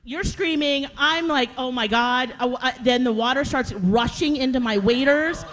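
A woman co-host telling a funny story in casual chat, animated and acting out quotes. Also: sits high, normal speed, slight background noise. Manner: animated, laughing, acts out quotes.

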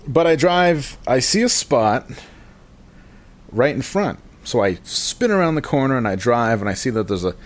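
A man's voice: mid-range voice, big pitch swings, moderate pace. A man telling a rambling, self-deprecating comic story on a podcast, swearing and laughing at himself.

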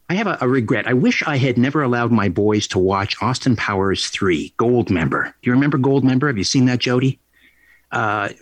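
A man's voice: medium pitch, husky, no room sound. A man hosting a talk radio show, delivering an opinionated, sarcastic and indignant monologue. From Canada. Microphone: studio microphone.

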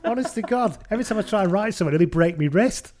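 A man's voice: sits high, lively intonation, quick pace, darkish tone. A man in his forties co-hosting a podcast, chatting in a sweary, jokey, exasperated way. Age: 40s. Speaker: podcast co-host. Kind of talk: casual banter.

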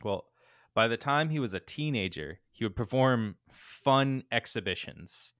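A man co-hosting a podcast, telling a true-crime story in a laid-back, animated way with lots of fillers. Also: medium pitch, measured pace, no room sound, clean studio sound. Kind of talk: casual storytelling chat.

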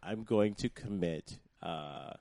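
A man hosting a casual comedic chat show, often pausing with fillers as he talks. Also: low-pitched, creaky, dark tone, no echo. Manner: hesitant, many fillers. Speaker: host.

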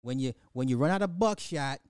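A man's voice: medium pitch, animated, a little fast, a little mellow, clean tone, no echo. Profane ranting man, dry podcast. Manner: profane, mocking, scolding the listeners. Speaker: podcast host. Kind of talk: ranting social commentary.

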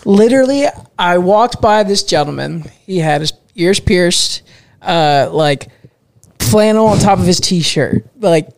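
A man's voice: high-pitched, lively intonation, a little slow, vocal fry. A man from Central Florida hosting a podcast, chatting casually and laid-back, with lots of "like" and "dude.". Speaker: podcast host.

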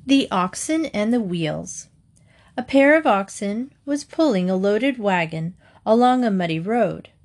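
Slow, measured woman reading fables. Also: medium pitch, lively intonation. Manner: gentle, measured reading with moral endings. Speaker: storyteller. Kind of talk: scripted storybook narration.

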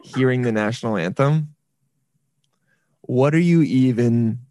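A man's voice: medium pitch, measured pace, dark tone, no room sound, studio quality. A man hosting a podcast, chatting casually over a video call, joking and trailing off into restarts. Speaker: podcast host. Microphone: headphones on a video call.

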